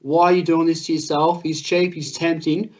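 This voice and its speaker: Australian male podcast co-host, higher voice, dull lo-fi mic, chatty and casual. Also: level tone, normal speed, a little mellow. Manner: chatty, says mate often. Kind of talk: casual sports podcast chat.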